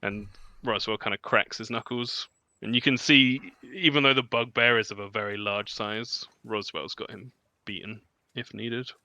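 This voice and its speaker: Man, game master, very bright voice, dry close sound. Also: lowish voice, moderate pace, few pauses, dry recording, lo-fi sound. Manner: relaxed, with frequent ums and laughs. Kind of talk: narrating a tabletop game.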